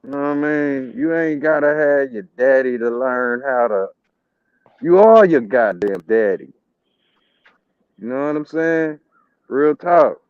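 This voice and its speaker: A man's voice: medium pitch, lively intonation, measured pace, long pauses, smooth, no echo. A man in casual chat, talking in loose, rambling street slang and laughing often. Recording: dull lo-fi sound.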